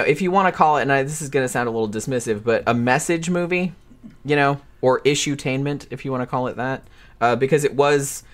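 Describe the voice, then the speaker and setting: A man's voice: medium pitch, a bit bright. Man explaining movie background casually. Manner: informative, hedging, talks in long run-on explanations. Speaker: podcast co-host.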